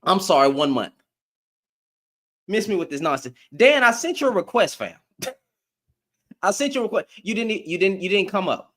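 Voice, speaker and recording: With a high, sing-song voice that's a bit bright, a live-stream host speaks at normal speed but leaves long pauses. He confronts commenters directly in slangy rants, repeating himself for emphasis.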